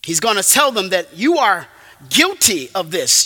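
High, lively preacher in an echoing hall. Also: male voice, unhurried. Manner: emphatic, rises and drops sharply for effect. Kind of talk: sermon.

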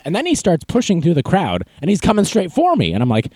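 A young man hosts a podcast, telling stories in a casual, self-mocking way. His pitch swings widely as he talks, and he jumps into a high voice to act out quotes. The sound is dry and close. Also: huge pitch swings, a little fast, dark tone, breathy edge, no room sound. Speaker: podcast host. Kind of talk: casual storytelling monologue.

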